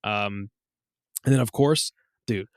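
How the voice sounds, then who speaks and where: A man in his thirties co-hosting a casual podcast, telling animated stories with lots of swearing. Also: slow pace, no echo, studio quality. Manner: animated storyteller, swears, acts out quotes in high voices. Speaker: podcast co-host. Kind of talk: casual chat.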